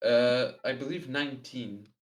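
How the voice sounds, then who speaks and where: A co-viewer on a stream making calm, matter-of-fact remarks. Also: mid-range voice, unhurried.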